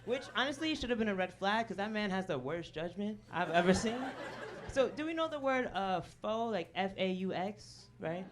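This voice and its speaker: A woman's voice: mid-range voice, expressive, normal speed, background noise. A comedian doing a stand-up set in a comedy club, chatting with the crowd and tossing in "okay?" and "right?" asides, often laughing at her own jokes. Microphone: handheld stage mic. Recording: club audience laughing in background. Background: audience laughter.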